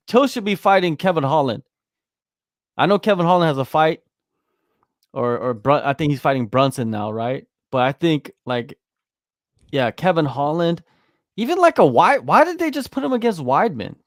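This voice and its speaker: Man, podcast co-host, casual chat, emphatic, animated, medium pitch, dry sound. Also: no echo. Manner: animated, emphatic, restarts sentences.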